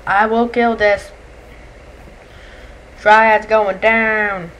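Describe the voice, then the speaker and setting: A woman giving casual gameplay commentary, excitable and chatty, yelling and shrieking when monsters attack and chatting to the creatures. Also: mid-range voice, very slow, smooth, dull audio. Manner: excitable, shrieks and yells at enemies; chatty, talks to game creatures. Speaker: let's play gamer.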